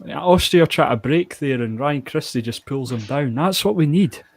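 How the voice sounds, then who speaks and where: A Scottish man chatting through a live football stream, quick to give an opinion on the play and quick to laugh. His voice sits a little high, and it is recorded dry and close, with no room sound. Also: lively intonation, no echo. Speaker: co-host of a live football watch-along. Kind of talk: casual live match chat.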